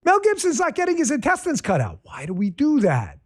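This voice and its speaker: A male host delivering a sarcastic political monologue. His voice sits high and swings widely, rising and dropping as he riffs. He talks in a loose, animated way, mixing jokes with argument. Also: fairly quick.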